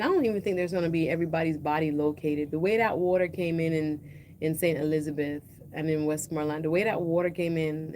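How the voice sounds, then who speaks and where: A middle-aged Jamaican woman telling a story on her livestream in a chatty, animated way, slipping now and then into patois. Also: sits low, a little hiss or hum. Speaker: livestream host.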